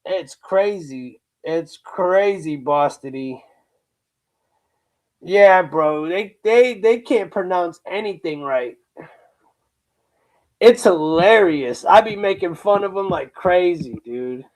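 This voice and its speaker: A young man hosts a casual livestream, telling loose, slang-filled stories to his viewers. His voice sits high, and he drags his words out at an unhurried pace. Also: animated, darkish tone, poor audio. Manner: rambling, slangy storytelling. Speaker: livestream host.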